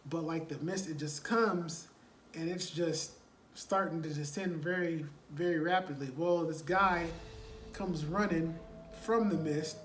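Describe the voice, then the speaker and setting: A man's voice: on the high side, steady tone, measured pace, fairly bright tone, slight background noise. A man casually retelling a movie plot, rambling and filling gaps with "like" and "you know.". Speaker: storyteller. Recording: roomy echo, distant mic, faint ambience.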